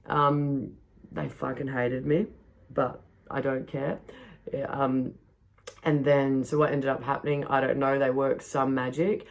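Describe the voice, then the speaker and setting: Woman, deep voice, podcast host, casual storytelling, swears a lot, frequent laughs. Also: little pitch movement, measured pace, vocal fry. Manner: swears freely, laughs often, many fillers. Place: backyard.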